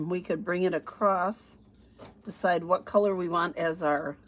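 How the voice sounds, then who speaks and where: On a casual livestream, a middle-aged woman demonstrates stamping and paper crafts, chatting and thinking aloud with fillers and a slight allergy sniffle. Her voice is on the low side, at a measured pace.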